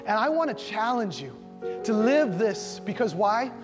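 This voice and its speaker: A man with a high voice preaches in a church, leading call-and-response with his congregation and acting out little scenes of dialogue. His voice rings through a hall with long reverb, and soft music plays underneath. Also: big pitch swings, measured pace. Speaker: pastor. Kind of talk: sermon. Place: church sanctuary.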